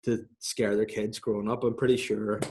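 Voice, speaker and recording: A man's voice: fairly low pitch, flat delivery, normal speed, darkish tone, slight background noise. A man co-hosting a comedy podcast, chatting casually, laughing often and slipping into silly voices. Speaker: podcast co-host.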